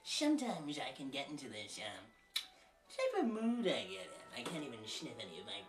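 Erratic host in a fake posh accent. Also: female voice, rumbling low, wildly swooping pitch, normal speed. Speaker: host of a homemade comedy show. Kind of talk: rambling improvised comedy monologue. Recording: echoey room, far from mic, loud music behind.

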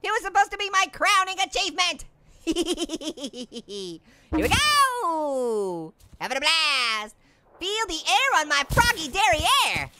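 A squeaky, giggly cartoon orange. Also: male voice, sing-song, slow, bright, forceful tone, heavily acted. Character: hyper, giggly talking orange, pun-loving, male. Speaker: game commentator. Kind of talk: gameplay commentary. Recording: noisy recording.

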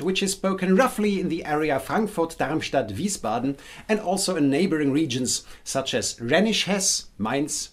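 A man with a Hessian German accent explaining accents in a video. His voice sits somewhat high, and his delivery is dry and wry. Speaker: accent teacher.

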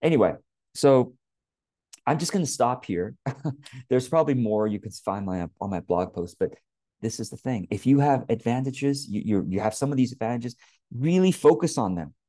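A man giving casual business advice to camera, relaxed and rambling, often repeating words as he talks. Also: medium pitch, normal speed, dry recording, clean studio sound. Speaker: business coach.

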